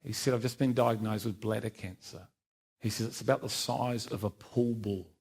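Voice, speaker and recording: A man's voice: lowish voice, steady tone, moderate pace, a little mellow, slightly rough. A middle-aged man gives his personal testimony in church, telling it as a self-deprecating story and acting out the lines of the people in it. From New Zealand. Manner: self-deprecating storyteller, laughs often, acts out quoted dialogue. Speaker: church speaker giving testimony. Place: church service.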